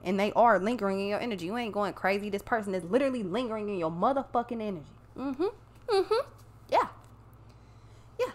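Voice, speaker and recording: A woman's voice: mid-range voice, sing-song, fairly quick. Blunt, profane woman reading tarot. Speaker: tarot reader. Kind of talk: casual tarot reading monologue.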